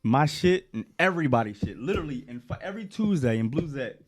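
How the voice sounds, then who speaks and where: Male co-host, mid-pitched, dry close sound, loose talker. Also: lively intonation, quick pace, no echo. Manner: loose, swears casually. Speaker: podcast co-host. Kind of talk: casual podcast chat.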